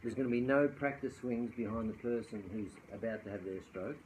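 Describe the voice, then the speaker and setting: A man's voice: medium pitch, brisk, a little mellow, slight background noise, rough recording. An Australian man co-hosting a casual chat, teasing his co-host and chuckling between remarks. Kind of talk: casual chat about club golf handicaps.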